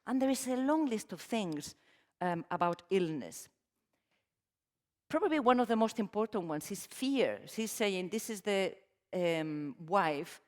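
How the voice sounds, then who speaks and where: A middle-aged woman from Spain with a Spanish accent, giving a lively, emphatic conference talk with frequent restarts. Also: lowish voice. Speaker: conference speaker. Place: conference hall. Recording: long hall reverb.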